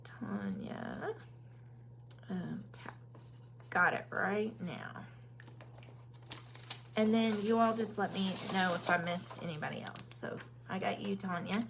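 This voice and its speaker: A woman's voice: mid-range voice, steady tone, unhurried, background noise. A woman from Kentucky with a Southern accent, hosting a casual makeup live stream and chatting with viewers by name between many ums.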